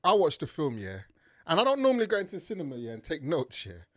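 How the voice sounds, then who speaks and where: A young man with a London accent hosting a comedic film review podcast, talking in an animated way and tagging sentences with "yeah". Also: a little high, fast talker. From Nigeria. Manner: animated, tag questions and "yeah" fillers. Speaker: podcast host.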